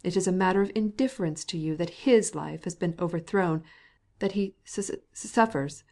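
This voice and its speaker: A woman's voice: fairly quick, darkish tone, lightly acted. A woman voicing a stern, cold middle-aged husband with a piping voice who speaks angrily and stammers when upset. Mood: angry. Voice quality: piping, high-strung.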